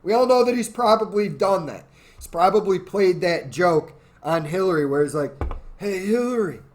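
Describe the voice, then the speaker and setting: A man's voice: high voice, normal speed. A tipsy man ranting in a crude, rambling, profane way as host of his own show. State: drunk. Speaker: podcast host. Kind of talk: drunken political rant.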